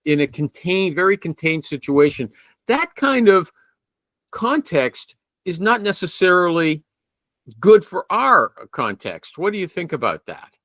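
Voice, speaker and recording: A man's voice: high voice, big pitch swings, unhurried, fairly bright tone, no room sound. A man hosting a casual podcast interview, probing his guest with pointed questions and cutting in often. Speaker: host.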